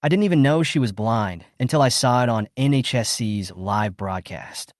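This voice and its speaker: A man's voice: mid-range voice, animated, moderate pace, dry recording, clean studio sound, lightly acted. A man reading the lines of a lazy, proud young man who is hurt and protective, in a comic recap. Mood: aggrieved.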